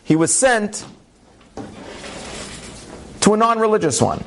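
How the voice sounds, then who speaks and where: At a slow pace, a man with a high, creaky voice, a rabbi, shares a story in a lively, chatty manner and acts out what people said. The clip has slight background noise.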